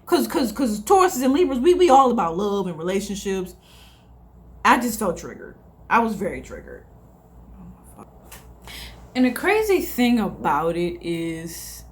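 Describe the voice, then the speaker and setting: A young woman speaks, loose and confessional, as if talking straight to her followers. She rambles, doubles back and repeats herself, and sighs now and then. Her voice sits at a medium pitch. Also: sing-song, measured pace. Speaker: vlogger. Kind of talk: casual confessional chat to camera.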